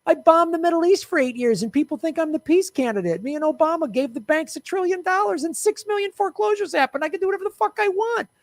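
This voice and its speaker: A man mocking a smug, boastful old politician in a strained, much higher voice that pushes up louder. It sounds dry and close, with no room around it. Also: animated, quick pace, hardly any pauses, no room sound. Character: mocking impression of an arrogant older male politician.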